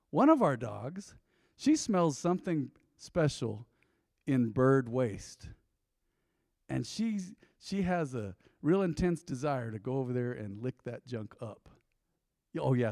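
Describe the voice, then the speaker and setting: A man's voice: fairly high pitch, darkish tone, studio quality. Folksy preaching man in a reverberant hall. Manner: folksy, conversational preaching with quoted asides. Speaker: pastor. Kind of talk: sermon. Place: church sanctuary.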